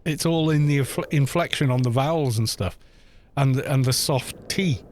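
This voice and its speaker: A man's voice: mid-range voice, moderate pace, a little mellow, slight background noise. A man from North Wales with a mixed North Welsh and southern English accent, chatting casually on a game livestream. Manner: rambling, chatty, many restarts. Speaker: streamer.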